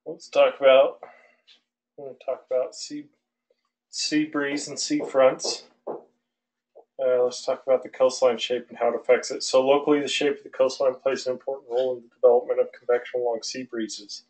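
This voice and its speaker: A male aviation instructor lecturing an online class in a relaxed, loose way, with many fillers and restarts. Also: medium pitch, moderate pace, low-quality recording. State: out of breath.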